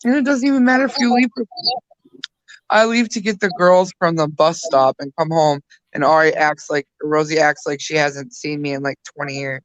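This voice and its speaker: A woman's voice: low-pitched, normal speed, no echo, muffled recording. A woman in her thirties co-hosting a casual podcast chat, rambling with restarts and fillers. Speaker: podcast co-host.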